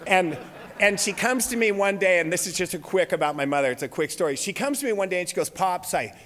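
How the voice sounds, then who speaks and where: A man's voice: high voice, lively intonation, fast talker, a bit bright, a faint crowd. A man in his forties telling comic stories as a recovery meeting speaker, laughing at his own lines. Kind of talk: comic storytelling talk. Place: large convention hall. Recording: reverberant hall recording.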